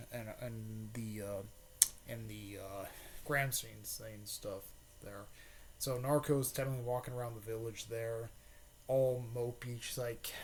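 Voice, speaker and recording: A man's voice: medium pitch, slight background noise. A man casually retelling an anime fan story, rambling with many fillers, restarts and repeated pet words.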